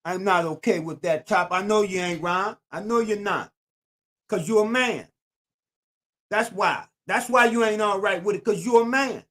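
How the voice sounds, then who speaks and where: A man's voice: high-pitched, normal speed, a bit bright. Older man preaching in AAVE. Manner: preachy, repetitive, emphatic. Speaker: YouTube channel host. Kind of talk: streetwise commentary monologue.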